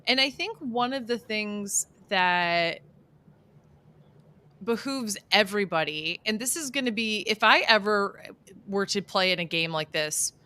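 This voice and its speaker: A woman's voice: mid-range voice, sharp tone. A woman co-hosting a casual recap podcast, talking animatedly and acting out quotes in little voices. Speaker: podcast co-host.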